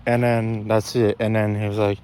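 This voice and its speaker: Young man, lowish voice, rambling storytime vlog, outdoors, faint background noise. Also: flat delivery, normal speed, darkish tone. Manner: rambling, many fillers and restarts. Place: outdoors in a park.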